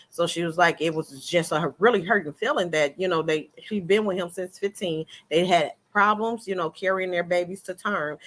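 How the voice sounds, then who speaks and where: Woman vlogger chatting about gossip, animated and laughy, real casual. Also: on the low side. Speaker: commentary vlogger.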